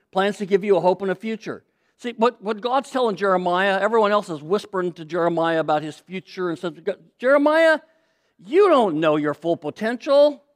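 A pastor delivering an emphatic sermon to a congregation, repeating key phrases and getting the audience to say words back with him. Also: male voice, high-pitched.

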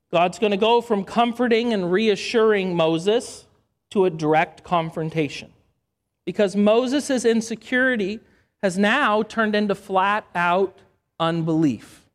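A man's voice: high voice, animated, unhurried. A man, a pastor, reading scripture aloud and preaching a sermon, breaking in with conversational asides.

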